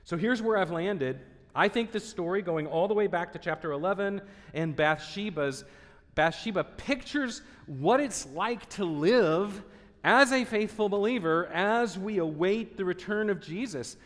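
A man preaching a sermon as pastor, earnest, reading scripture and dropping to a hushed voice for sorrowful passages. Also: high-pitched, animated, measured pace, big-room sound.

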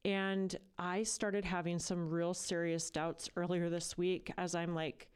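A woman's voice: on the low side, level tone, unhurried, clear, resonant tone. A woman hosting a podcast, talking in a casual, earnest and chatty way. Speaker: podcast host. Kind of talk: casual solo podcast talk.

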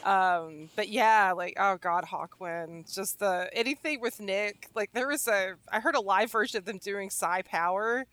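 A woman chatting excitedly about rock bands, laughing often and saying "like" a lot. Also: medium pitch, unhurried, few pauses, dry recording. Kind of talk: casual chat about rock music.

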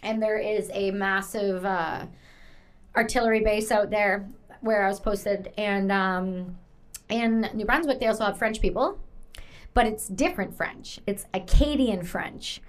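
A woman from Canada hosting a casual interview, chatty and rambling, with lots of fillers. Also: mid-range voice. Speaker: podcast host.

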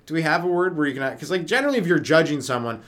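A young man with a slightly high voice rambles loosely through a comedy monologue. He swears freely and keeps breaking into silly put-on voices. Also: sing-song, racing, fairly bright tone. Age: young adult. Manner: profane, rambling, jumps into mock voices. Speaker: comedian podcast host. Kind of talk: rambling stand-up style monologue.

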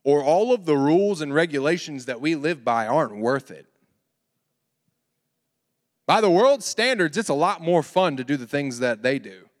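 A man in his thirties preaching a sermon to young people, lively and joking with asides to the audience. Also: a little high, moderate pace. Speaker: youth pastor. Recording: long hall reverb.

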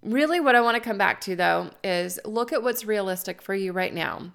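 A woman's voice: mid-range voice, expressive, moderate pace, creaky, a bit bright, clear, resonant tone. Woman host in her thirties, earnest and encouraging, talking listeners through confidence steps, leans on key words. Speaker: podcast host. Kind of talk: coaching talk to listeners.

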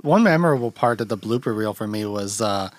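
A man's voice: fairly low pitch, lively intonation, brisk, dry recording. A young man hosting a casual podcast, chatting about a film in a rambling way, full of fillers and laughter. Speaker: podcast host.

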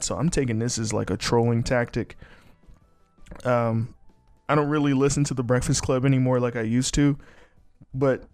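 Man, solo podcast host, casual rant, blunt, swears a lot, mid pitch. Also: fairly even intonation, normal speed, pauses often, a little mellow, no room sound, soft background music. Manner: blunt, profane ranting.

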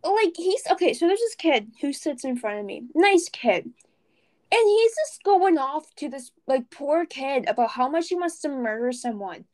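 A teenage girl co-hosting a laid-back podcast with her friend. Her voice sits a little on the high side, and she rambles through her stories with plenty of fillers and laughter. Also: lively intonation, normal speed, darkish tone, rough recording. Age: teens. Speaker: podcast co-host. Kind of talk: casual chat.

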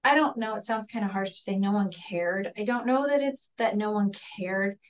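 Recorded slightly away from the mic, a woman with a mid-range voice speaks at normal speed. Appearing as a guest on a podcast, she discusses raising children openly and sincerely, frequently laughing and performing her kid's words alongside her own.

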